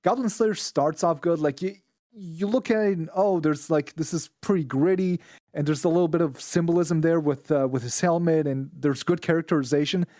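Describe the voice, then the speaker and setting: A man's voice: fairly high pitch, moderate pace, dark tone, no echo, studio quality. A man from Israel, a podcast guest, ranting bluntly and profanely in casual chat.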